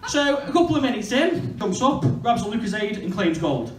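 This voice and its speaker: A man's voice: high-pitched, sing-song, fairly quick, crowd noise. A man, doing a crude, self-mocking stand-up comedy set on stage. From Stoke-on-Trent, England. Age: 20s. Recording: echoey venue heard from far off.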